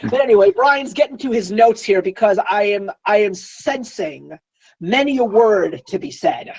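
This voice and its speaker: A man's voice: high-pitched, lively intonation, normal speed, slightly rough. A man joining as a guest co-reviewer in a casual film chat, playful and teasing. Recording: dull lo-fi recording.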